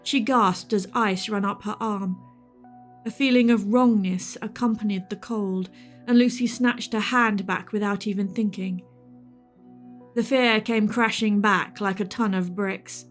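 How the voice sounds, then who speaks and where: A woman narrating a ghost story as scripted narration, with a measured, suspenseful reading. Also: medium pitch, fairly even intonation, faint music behind.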